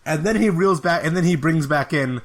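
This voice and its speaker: Podcast guy ranting about an awkward fight, sarcastic, kinda high voice. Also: brisk. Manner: exasperated, sarcastic recapping, laughs at the awkwardness. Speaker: podcast host. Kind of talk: casual podcast review.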